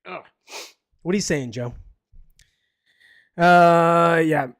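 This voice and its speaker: A man's voice: fairly high pitch, drawn-out words, fairly bright tone, no room sound. Sarcastic man with a dry close sound. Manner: sarcastic, rambling, reads news aloud with asides. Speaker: podcast host. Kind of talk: casual live podcast commentary.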